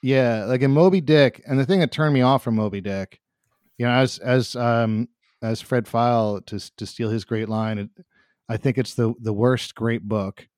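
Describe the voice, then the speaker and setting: A man's voice: medium pitch, normal speed, darkish tone, no room sound, clean studio sound. A man hosting a casual movie podcast, rambling with many fillers and restarts.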